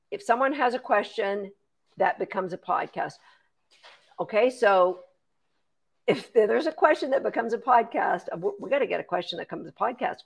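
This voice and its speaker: A woman's voice: medium pitch, gravelly. A woman, a dog trainer, chatting through a live Q&A, explaining training steps and thanking viewers by name. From Canada. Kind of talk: live-stream Q&A.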